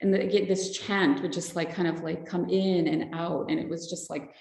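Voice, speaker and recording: A woman guest on a podcast, sharing a personal testimony in a halting, reflective way with many fillers, audibly emotional. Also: fairly low pitch, fairly even intonation, gravelly, darkish tone. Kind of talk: personal testimony, casual talk. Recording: roomy echo.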